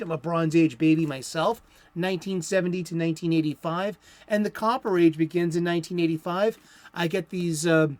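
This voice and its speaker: Higher-voiced chatty male host. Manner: enthusiastic, chatty with fillers. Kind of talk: casual chat.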